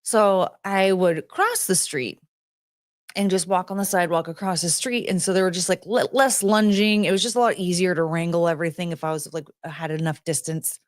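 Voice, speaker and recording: Lady streamer chatting w/ her viewers, kinda low voice, giggly, rambles a lot, squeals hellos then mumbles. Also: moderate pace, dry recording, studio quality. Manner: rambling and giggly, with lots of fillers and restarts; jumps between high excited greetings and low mumbling asides. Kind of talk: casual chat reading out chat names.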